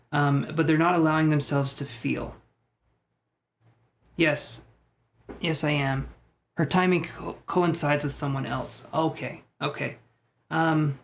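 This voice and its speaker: A man giving a live-streamed tarot reading, reading chat messages aloud and thinking aloud in a relaxed, soft-spoken way. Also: a little high. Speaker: tarot reader.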